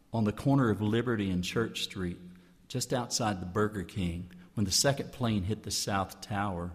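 A clergyman giving an earnest inspirational public talk, building his points through rhetorical repetition. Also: fairly low pitch. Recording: long hall reverb.

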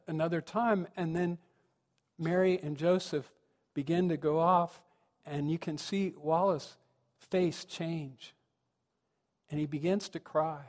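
A man's voice: a little high, darkish tone. A man, a minister, giving a sermon with reflective storytelling that rises to earnest emphasis. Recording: long reverb of a large hall.

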